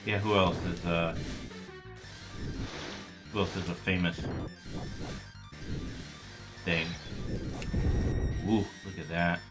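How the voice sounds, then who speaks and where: A man's voice: low-pitched, steady tone, takes it slowly, pauses often. A man hosting his gaming channel, chatting casually and rambling between jokes while he plays. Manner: rambling, jokey asides. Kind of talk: casual gameplay commentary. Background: faint game music.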